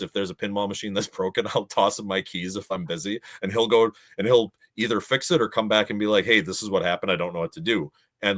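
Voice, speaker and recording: Animated man telling stories. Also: fairly low pitch. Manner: animated storyteller, acts out quotes. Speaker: podcast guest, gaming show organizer. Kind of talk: casual storytelling.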